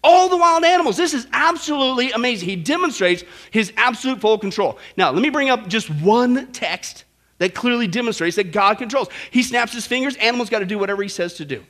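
A pastor preaching a sermon in a jokey, emphatic way, rising to loud exhortations. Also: male voice, extremely high pitch, expressive, fairly quick.

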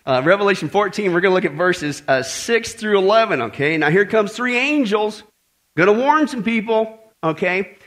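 A man preaching a sermon to a congregation, emphatic and animated, with joking asides and repeated warnings. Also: sits high, normal speed.

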